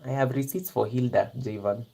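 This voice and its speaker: Live-stream host, half-whispers, giggles a lot, mid pitch, dark mellow tone. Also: fairly even intonation, brisk, creaky. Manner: talks straight to viewers in the chat. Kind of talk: casual live-stream chat.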